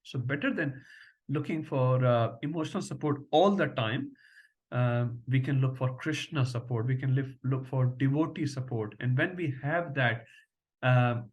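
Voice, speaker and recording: A man's voice: medium pitch, moderate pace, dull audio. A middle-aged man teaching a devotional scripture class, telling stories and often checking in with a questioning "huh?".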